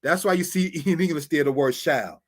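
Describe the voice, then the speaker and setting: A man's voice: on the high side, normal speed. A man teaching a Bible Hebrew lesson over slides, addressing viewers as brothers and sisters, explaining words step by step.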